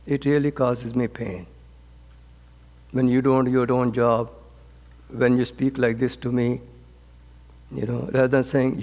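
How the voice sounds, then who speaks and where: A man as a swami teaching a scripture class, speaking gently and haltingly with frequent restarts and repeated words. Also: mid-range voice, fairly even intonation. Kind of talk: spoken scripture class with counseling advice. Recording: long reverb of a hall.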